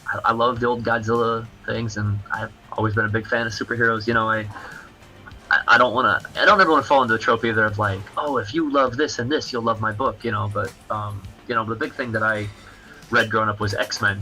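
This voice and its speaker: Gravelly low-voiced man, rambling chat. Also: steady tone, bright, forceful tone, soft background music, rough recording. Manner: rambling, halting explanations. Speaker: comic book creator guest. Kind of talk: casual livestream chat.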